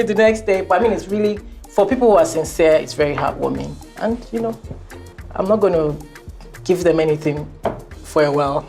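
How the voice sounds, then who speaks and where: A woman in her late thirties chats openly as a guest, her voice somewhat low, and she laughs easily. Faint music plays in the background. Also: fairly quick, creaky, darkish tone. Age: 30s. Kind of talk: casual conversation.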